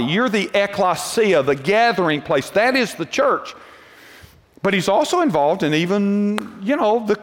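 High-voiced man preaching in a reverberant hall. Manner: conversational preaching with rhetorical questions and repetition. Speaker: pastor. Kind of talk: sermon.

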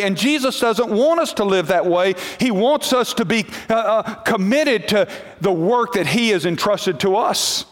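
High-voiced preacher in a reverberant hall. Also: male voice. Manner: animated storytelling, acting out Bible characters' lines. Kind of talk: sermon.

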